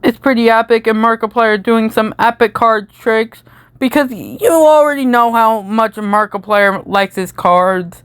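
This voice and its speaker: A woman's voice: a little high, unhurried, clean tone, no room sound. A woman giving a goofy, rambling comedic movie recap full of meme slang. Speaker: YouTube commentator.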